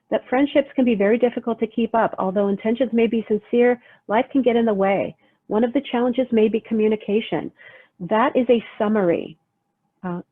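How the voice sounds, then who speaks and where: A woman writing teacher explaining how to use sources in a recorded lecture, conversational and checking in often with "okay?". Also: medium pitch. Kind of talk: recorded lecture over slides. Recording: phone-like narrow sound.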